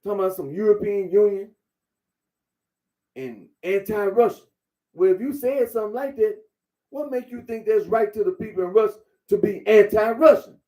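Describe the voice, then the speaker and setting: A man's voice: sits high, moderate pace, mellow. A man giving a blunt, repetitive monologue, lecturing the listener directly. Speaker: commentator. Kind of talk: casual monologue.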